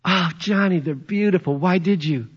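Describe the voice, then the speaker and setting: A man voicing a delighted adult wife with gushing, breathy exclamations, on a dull lo-fi recording. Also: sits high, moderate pace, pitched above the performer's own voice.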